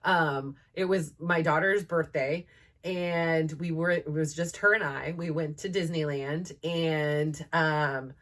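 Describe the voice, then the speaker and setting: A woman in her thirties with a slightly low voice chats through a casual storytelling monologue. She rambles and fills her sentences with "like" and "um", and she laughs often as she talks. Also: fairly even intonation, takes it slowly, fairly bright tone. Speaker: podcast host.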